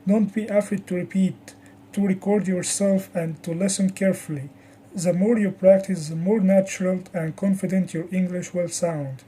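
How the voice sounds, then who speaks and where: A woman teaching an English pronunciation lesson, saying the example words slowly with careful, exaggerated articulation. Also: fairly low pitch, fairly even intonation, warm tone, breathy edge. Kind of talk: scripted lesson.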